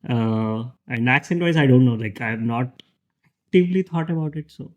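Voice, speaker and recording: A man's voice: medium pitch, expressive, normal speed, a little mellow, dull audio. A man, a podcast guest chatting casually, hesitant and laughing often. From India. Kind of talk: casual chat.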